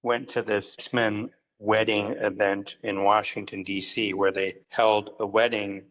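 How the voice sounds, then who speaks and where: A man telling lively anecdotes in a casual interview, acting out the people in his stories. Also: on the low side, no room sound, poor audio. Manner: animated anecdotes with quoted voices, quick asides. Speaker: interview guest, comics writer. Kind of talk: casual storytelling.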